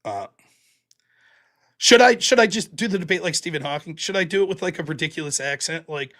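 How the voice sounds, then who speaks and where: A livestream host addresses his audience casually, rambling and blunt, with occasional mild cursing. His voice is a little high, expressive and a bit bright, and he talks fairly quickly.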